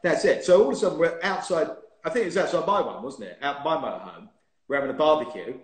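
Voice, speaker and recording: Roomy-sounding man telling a lively story. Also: a little high, fast talker. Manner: lively storyteller who laughs and teases. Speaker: guest, former racing driver. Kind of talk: casual chat on a live stream. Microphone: phone or laptop mic on a video stream. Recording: roomy echoey room on a phone mic.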